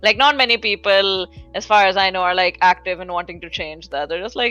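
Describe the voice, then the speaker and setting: A woman's voice: mid-range voice, a little fast, hardly any pauses, bright, forceful tone, muffled recording, faint music behind. A woman with a slight foreign accent, chatting casually as a podcast guest and rambling with lots of "like"s. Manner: rambling, filler-heavy, frequent "like". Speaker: podcast guest, fighting game commentator. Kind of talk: casual chat.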